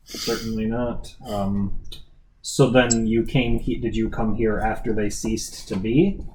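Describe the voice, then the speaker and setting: A man's voice: fairly low pitch, steady tone, slow, a little mellow, reverberant, slight background noise, rough recording. A man voicing Harmony, a cautious female adventurer who asks careful questions, with many hesitations and restarts. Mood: probing.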